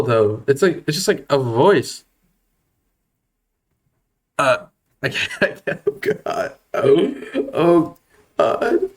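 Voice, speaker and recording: A man in his twenties streaming a game, chatting casually in a nervous, self-deprecating way, often stammering and laughing. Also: mid-range voice. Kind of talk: casual live-stream chat.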